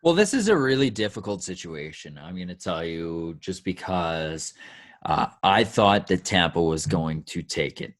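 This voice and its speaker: A man co-hosting a casual sports podcast, giving his take hesitantly with restarts. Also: sits low. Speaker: podcast co-host.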